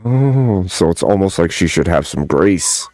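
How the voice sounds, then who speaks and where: A man on a discussion panel who argues back in a measured, objecting way. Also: low voice, expressive, darkish tone, no room sound, clean studio sound. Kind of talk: casual debate.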